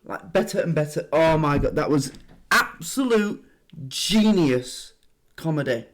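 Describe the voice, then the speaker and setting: Excitable man, reaction video host, lively high voice. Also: measured pace, slight background noise. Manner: excitable, rambling, swears. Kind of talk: casual reaction commentary.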